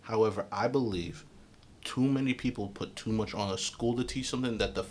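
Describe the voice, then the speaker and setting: A man's voice: lowish voice, fairly quick, a little hiss or hum. A young man co-hosting a podcast, telling stories in casual chat and acting out the voices of people in them while swearing freely. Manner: animated storyteller, swears freely, acts out voices. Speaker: podcast co-host.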